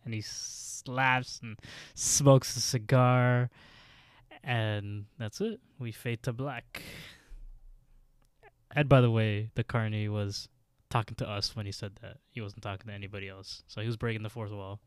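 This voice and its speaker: A man's voice: fairly low pitch, steady tone, unhurried, clear, resonant tone, dry recording, studio quality. A man co-hosting a podcast, retelling a story casually and laughing often. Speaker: podcast co-host. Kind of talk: casual recap chat.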